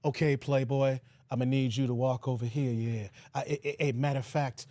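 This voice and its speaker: A man doing a comic impression of a famous music mogul, drawling in a slow, smug murmur. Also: mid-range voice, level tone, mellow, dry recording, clean studio sound, pitched below the performer's own voice, close to an everyday voice. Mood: directing. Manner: drawling, self-satisfied, murmured.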